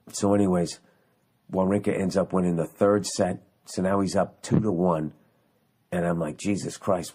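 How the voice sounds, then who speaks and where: Low-voiced man ranting on a podcast. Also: darkish tone, slightly rough. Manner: profane, ranting, heated storytelling. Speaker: podcast host. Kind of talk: casual solo podcast monologue.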